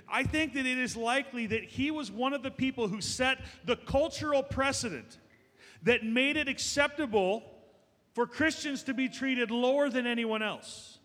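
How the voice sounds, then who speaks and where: A man's voice: very high-pitched, bright, forceful tone, big-room sound. A man preaching a sermon as pastor, emphatic and building to raised, passionate delivery.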